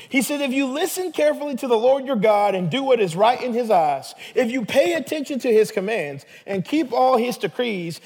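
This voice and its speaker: A man's voice: high voice, darkish tone, in a large hall. A man pastor delivering a sermon in a conversational, emphatic manner.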